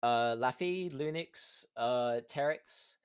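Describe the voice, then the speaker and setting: A guest streamer being interviewed in a casual livestream chat comes across friendly and giggly, often stammering and repeating his words. His medium-pitched voice is clear and resonant, and he takes it slowly.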